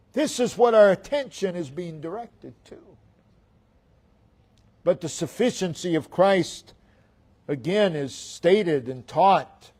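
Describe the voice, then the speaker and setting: A pastor preaching to his congregation, building each point through deliberate repetition. His voice sits high for a man and drops low at the end of each phrase. He speaks at a very slow, measured pace. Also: darkish tone. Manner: slow, emphatic preaching with repeated phrases and trailing falls. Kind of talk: sermon.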